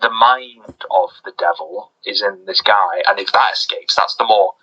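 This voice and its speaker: A man co-hosting a casual podcast, rambling with excitement and restarting his sentences. His voice is low-pitched but bright and forward, with a husky edge. The recording is dull and lo-fi. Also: normal speed. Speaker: podcast co-host.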